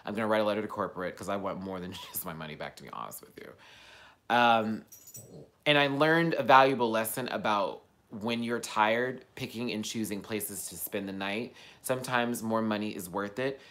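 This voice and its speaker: A man telling a story as a casual vlog rant, sassy and profane, swinging from loud outbursts to low muttered asides. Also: moderate pace. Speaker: vlogger.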